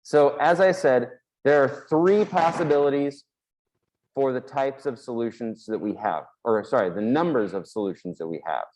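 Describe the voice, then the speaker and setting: A man's voice: medium pitch, normal speed, darkish tone, rough recording. A man teaching a math lesson in a casual, explanatory way while drawing on a board, with the odd filler. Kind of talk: classroom lecture at a board.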